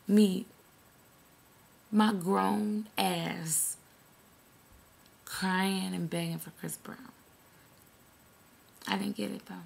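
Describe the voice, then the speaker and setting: A woman from New York, hoarse from screaming, telling a long story in an animated, indignant, swearing rant with a New York accent. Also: medium pitch, drawn-out words, long pauses, slight background noise.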